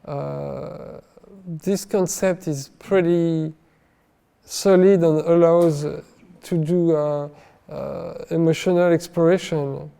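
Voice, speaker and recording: A man with a French accent answering interview questions haltingly, full of fillers and restarts, in a reverberant hall. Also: a little high, steady tone, creaky, warm tone, clean tone. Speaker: film director, guest.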